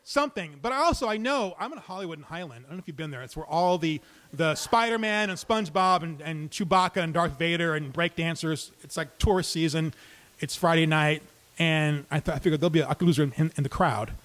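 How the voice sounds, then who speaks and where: A man tells a true story on stage with a wry, comic, conversational delivery. His voice sits high for a man. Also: fairly quick, a bit bright.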